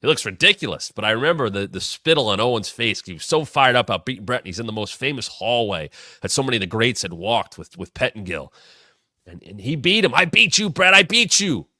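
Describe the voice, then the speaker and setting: A man's voice: fairly low pitch, animated, quick pace, sharp tone, no room sound, clean studio sound. A man in his thirties hosting a wrestling show, telling a storyline history in an enthusiastic, casual way with sudden bursts. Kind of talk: casual retrospective commentary.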